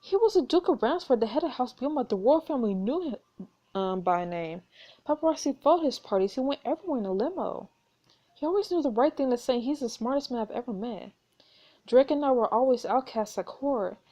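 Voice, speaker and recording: An earnest young noblewoman from a story game pours out her doubts, as a woman reads her lines. The voice sits a little high and moves with lively rises and falls. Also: fairly quick. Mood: wistful.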